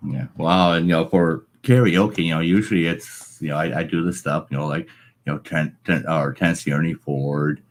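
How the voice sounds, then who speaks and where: A man's voice: extremely low pitch, fairly even intonation, normal speed. A man chatting casually as a guest on a live stream, rambling with lots of filler phrases into a large microphone. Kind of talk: casual chat. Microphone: large studio microphone.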